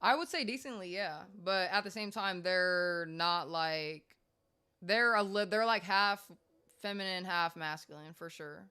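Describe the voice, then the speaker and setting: A woman's voice: on the low side, a little slow, bright, forceful tone, clean tone. A woman hosting a live game stream, chatting in a laid-back, rambling way. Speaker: streamer host. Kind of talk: casual stream chat.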